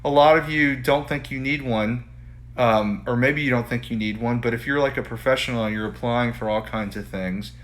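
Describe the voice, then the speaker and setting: Streaming live from his indoor art studio on a phone, a male painter chats casually and reads his own writing aloud, often restarting and repeating phrases. His voice is medium-pitched and fairly bright, with fairly even intonation and a normal speed.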